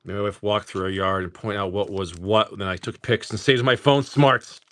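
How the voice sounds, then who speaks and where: A man's voice: fairly low pitch, fairly even intonation, normal speed, a bit bright, slight background noise. A middle-aged man hosting a casual live stream. He jokes, laughs often, swears freely and rattles off card names while opening packs.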